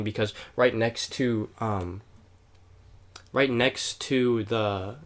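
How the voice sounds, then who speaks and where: A man's voice: lowish voice, drawn-out words. Rambling young man telling a story. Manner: rambling, many fillers and swearing. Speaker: podcast co-host. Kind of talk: casual storytelling. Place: home, playing a video game while recording.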